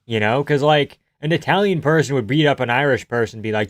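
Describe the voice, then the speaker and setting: A male streamer talks casually on a live stream, answering his chat in a loose, rambling way with plenty of swearing and laughter. His voice sits at an ordinary middle pitch and sounds close and dry, with no room echo. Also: fast.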